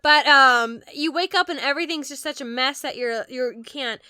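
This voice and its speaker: A woman co-hosting a podcast in a lively, candid way, casually chatting and swearing now and then. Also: high voice, normal speed, no room sound, studio quality. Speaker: podcast co-host.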